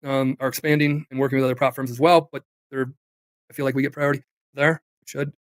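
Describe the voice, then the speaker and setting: A man's voice: medium pitch, flat delivery, quick pace, dry recording. A man speaking as a company executive on a live talk stream, rambling with restarts and asides. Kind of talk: casual talk-show chat.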